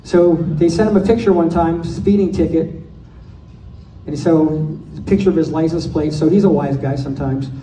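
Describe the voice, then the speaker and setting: Guy roasting his friend w/ one-liners, high dark voice, echoey hall, mic far away. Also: a little hiss or hum. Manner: rapid one-liner punchlines. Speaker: speaker giving a birthday toast. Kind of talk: joke-filled roast speech.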